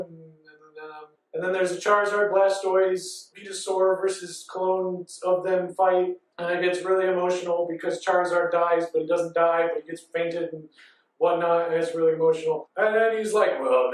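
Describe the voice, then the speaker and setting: A man in his thirties giving a rambling comic recap on a panel, breathless and run-on, chaining every beat with "and then". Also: high voice. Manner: breathless, run-on storytelling with frequent ands and laughs. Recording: echoey hall from far off.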